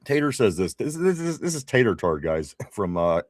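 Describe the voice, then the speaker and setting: A man's voice: on the low side, sing-song, moderate pace, no echo, clean studio sound. A man co-hosting a casual live stream, reading viewer comments aloud with laughs, restarts and teasing.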